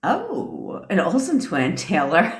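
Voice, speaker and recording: A woman's voice: fairly low pitch, wildly swooping pitch, takes it slowly. A woman coaching manifestation in a casual livestream chat, brash and profane, laughing often. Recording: echoey room.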